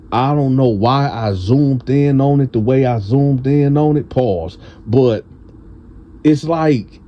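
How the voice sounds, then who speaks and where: A man from tells a prison storytime in a casual, animated way. He acts out his friends' voices in a higher pitch. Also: muffled recording.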